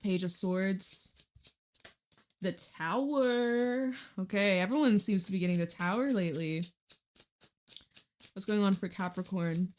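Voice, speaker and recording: Woman, young adult, tarot reader, casual monologue, candid and chatty, slightly low voice, at home. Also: steady tone, normal speed. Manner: chatty, emotional, swears casually.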